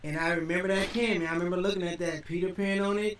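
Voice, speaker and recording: High-voiced man rambling in an echoey room. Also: steady tone, quick pace, fairly bright tone, far from the mic, slight background noise. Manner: rambling, repeats himself, restarts often. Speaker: reaction video host. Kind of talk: casual rambling reaction.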